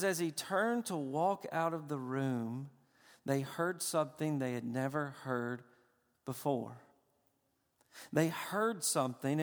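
A man preaching a sermon, moving from hushed storytelling to impassioned crying out. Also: mid-range voice, vocal fry, in a large hall. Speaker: pastor.

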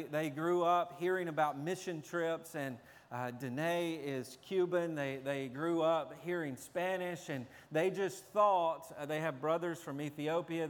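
A man from Tennessee, a pastor, preaching a sermon that moves from family stories to emphatic preaching. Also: a little high. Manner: storytelling, builds to emphatic preaching. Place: large church sanctuary. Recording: long hall reverb.

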